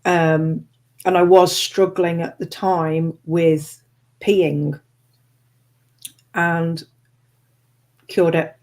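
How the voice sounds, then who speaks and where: A woman hosting a casual chat, talkative and quick to laugh and exclaim. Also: fairly low pitch, flat delivery, darkish tone. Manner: chatty, laughs easily, exclaims. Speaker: host.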